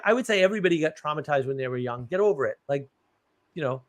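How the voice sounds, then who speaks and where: A man with a fairly high voice hosts a casual live stream, wandering from story to story with blunt, offhand swearing. He talks loosely, restarting sentences as he goes. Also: animated, quick pace. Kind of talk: casual chat.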